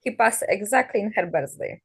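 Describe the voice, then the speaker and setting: A woman's voice: medium pitch, expressive, a little fast, husky. A woman answering a medium on a video call, with brief, hesitant replies in non-native English. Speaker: sitter.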